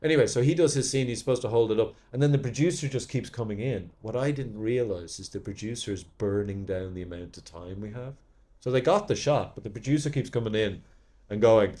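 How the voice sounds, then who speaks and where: Guy rambling through acting stories, mellow low-key voice, swears a lot. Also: fast. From Ireland. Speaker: actor, podcast guest. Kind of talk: casual anecdotes.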